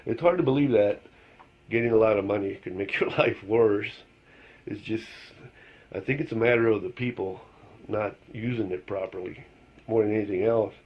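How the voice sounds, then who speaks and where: A man's voice: fairly low pitch, moderate pace. A man telling a joke in a casual, rambling monologue, leaning on fillers and chuckling at his own story. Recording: dull lo-fi recording.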